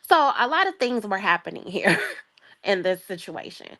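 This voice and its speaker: A young adult woman from the Chicago area, a guest telling a long story in a casual chat, lively and acting out the voices of the people in it. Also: medium pitch, moderate pace. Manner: lively, acts out quoted voices, laughs often.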